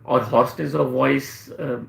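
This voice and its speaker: A man's voice: mid-range voice, steady tone, unhurried, gravelly, echoey room. A man with an Indian English accent, a homeopathic doctor answering questions and teaching in a live session, explaining with repeated emphasis.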